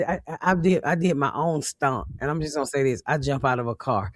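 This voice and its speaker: A middle-aged woman hosting a comedy podcast, telling stories in a brash, profane, animated way. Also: very deep voice, brisk, no echo, clean studio sound. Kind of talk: loud storytelling chat.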